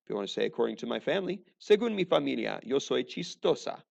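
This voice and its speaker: A man's voice: mid-range voice, very animated, fast talker, vocal fry, darkish tone, muffled recording. A man teaching a recorded language lesson, mixing dry joking asides into the explanations.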